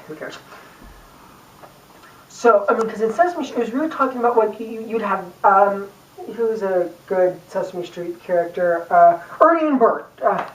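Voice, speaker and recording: A young YouTube vlogger rambles casually to camera about a book, full of fillers and little jokes. Her medium-pitched voice is picked up from a distance in an echoey room where a camera person films her, with a little hiss or hum.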